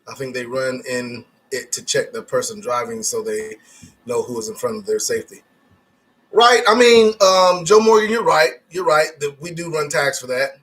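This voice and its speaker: A man's voice: mid-range voice, lively intonation, moderate pace, fairly bright tone, husky. A man hosting a casual live stream, reading chat comments and talking loosely with stammered restarts. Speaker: livestream host reading chat.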